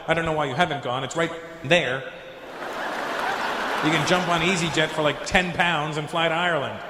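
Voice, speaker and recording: A man's voice: a little high, bright, forceful tone, reverberant, in a large hall, a little hiss or hum. A man doing a stand-up routine, brash and profane in his storytelling. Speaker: stand-up comedian.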